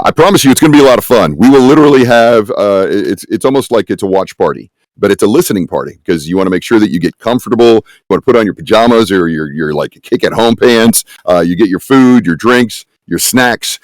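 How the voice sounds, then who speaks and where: A man's voice: deep voice, a little mellow, no echo. A man on a conference panel who casts games, speaking emphatically and conversationally, with rhetorical questions. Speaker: panelist, game casting producer.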